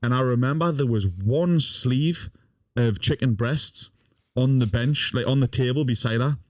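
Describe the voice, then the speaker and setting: A man's voice: mid-range voice, measured pace, darkish tone, dry recording, studio quality. A young man, a podcast guest, telling a funny story in casual talk, swearing often and laughing as he goes. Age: young adult.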